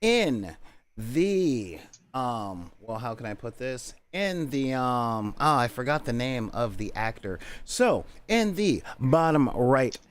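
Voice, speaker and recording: A man's voice: medium pitch, sing-song, slow pace. Tired, joking man hosting a game stream. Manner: joking, rambling, stumbles and repeats words. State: sleep deprived and tired. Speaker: host and game master. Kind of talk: casual streamed tabletop game intro.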